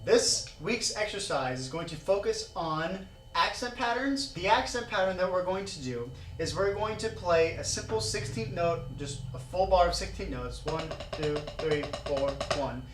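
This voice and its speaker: A drum teacher with a high, lively voice speaks at normal speed, casually teaching a drumming exercise and counting beats aloud. A camera mic across an indoor practice room catches roomy sound with drumming and soft background music.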